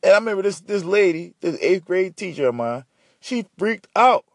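Philly guy ranting on his podcast, kinda husky, swears a lot, real animated. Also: high-pitched, brisk, dry recording. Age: adult. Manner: profane, animated, slangy storytelling. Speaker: podcast host. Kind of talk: casual solo podcast rant.

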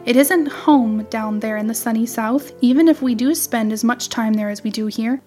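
Woman voicing a tart little wren bird, scolding and chattering, fairly high voice, soft music behind. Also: normal speed, lightly acted. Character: fussy sharp-tongued female wren bird. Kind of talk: storybook reading.

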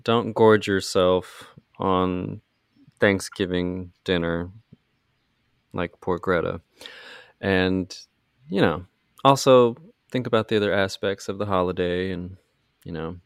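A low-voiced man hosting a podcast. He recaps a film in loose, animated chat, sarcastic and swearing freely. His voice sounds dry and close. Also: clean tone, no echo. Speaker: podcast host. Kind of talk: casual movie recap chat.

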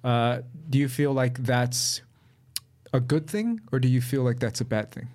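A man's voice: medium pitch, steady tone, a little slow, a little mellow. A man co-hosting a casual film review chat, talkative and asking his partner questions. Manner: chatty, asks questions, laughs easily. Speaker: film podcast co-host.

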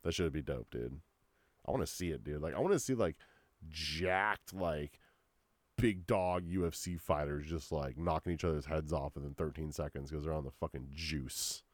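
A man's voice: very deep voice, normal speed, no echo. A young man hosting a solo podcast, ranting casually with heavy profanity and constant "dude" and "like.". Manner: profane, slangy rambling with lots of "dude" and "like". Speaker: podcast host.

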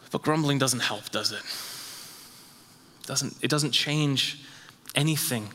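Male pastor, bright forceful voice, fairly high pitch, repeats for emphasis, long church reverb. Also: moderate pace, long pauses. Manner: emphatic, repeats phrases, rises in pitch when stressing a point. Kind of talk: sermon.

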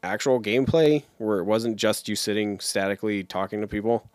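A young man co-hosts a casual podcast, chatting in an animated, rambling way and swearing often. His voice is fairly low and a little fast, with no room sound.

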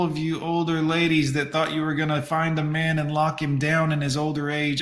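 A man's voice: a little high, level tone, moderate pace, few pauses, echoey room. A man giving mocking, sarcastic commentary to his stream chat while reacting to a video.

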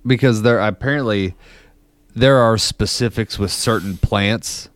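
With a lowish voice and measured pace, a man co-hosting a casual podcast rambles through stories full of fillers, laughing as he goes. There's no room sound.

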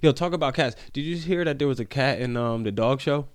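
A man's voice: medium pitch, brisk, smooth. A man co-hosting a casual comedic chat, cracking jokes and teasing. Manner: joking, teasing interjections. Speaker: podcast co-host.

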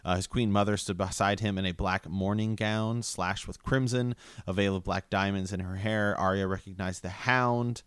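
A man co-hosting a podcast, reading a book aloud haltingly with fillers and stumbles. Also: low-pitched, steady tone, fairly bright tone, clean tone, no echo. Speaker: podcast co-host.

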